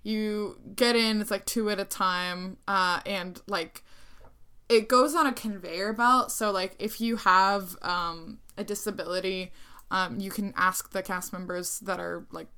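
A young woman rambles through a story with a friend in a giggly, relaxed way. Her voice is mid-pitched and everyday, full of little fillers. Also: unhurried, clear, resonant tone. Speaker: vlogger. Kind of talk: casual chat.

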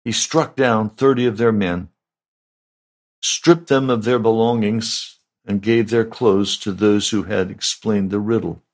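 A man's voice: lowish voice, steady tone, a little slow, darkish tone. A male pastor preaching a sermon, retelling a Bible story and rising to emphatic peaks.

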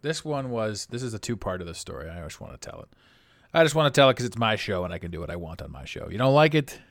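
A man hosts his own podcast, rambling through a casual monologue, amused with himself and laughing often. He talks fast with lively swings in pitch. The recording is dry and studio-clean.

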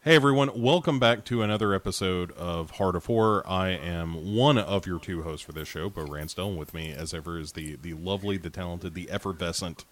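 A man hosting a podcast in casual chat, with playful, deadpan innuendo. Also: low voice, a little fast, few pauses. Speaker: podcast host.

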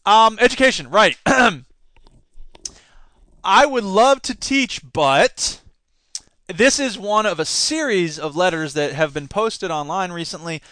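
High, bright-voiced ranting male host. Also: slow, dry recording. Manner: animated, ranting, sarcastic asides. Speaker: podcast host. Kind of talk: opinionated solo commentary.

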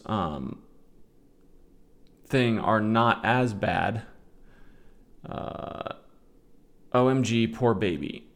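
Man in his forties, gravelly voice, sarcastic running commentary, casual solo podcast host. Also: fairly low pitch, extremely slow, long pauses. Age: 40s.

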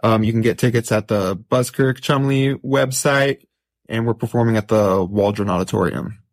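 A man's voice: on the low side, moderate pace, no room sound, clean studio sound. A man, a theater director guesting on a talk show, giving details in a matter-of-fact way. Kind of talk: interview guest.

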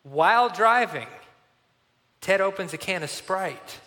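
A man in his forties preaching a sermon in a church, telling a personal story in an animated, conversational way. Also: high-pitched, slow pace, big-room sound. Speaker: pastor.

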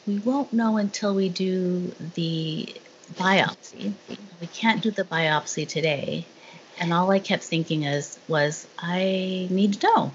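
Low-voiced woman telling a personal story. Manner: candid, halting, many fillers and restarts. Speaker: guest sharing her story. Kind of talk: casual conversation. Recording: dull lo-fi sound with faint noise.

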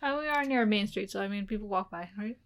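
A young woman co-hosting a casual chat, giggly and quick to act out silly voices. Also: mid-range voice.

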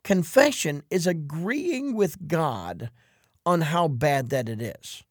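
A man co-hosting a religious talk show, speaking thoughtfully and haltingly, with many restarts and "you know"s. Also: fairly high pitch, very animated, dry recording, studio quality. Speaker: co-host. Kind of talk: casual religious discussion.

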